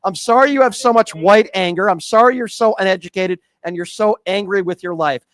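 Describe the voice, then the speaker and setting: High-voiced mocking radio host, man. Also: a little fast, no room sound. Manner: mocking, insulting, talks over callers. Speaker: radio call-in show host. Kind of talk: combative call-in radio talk.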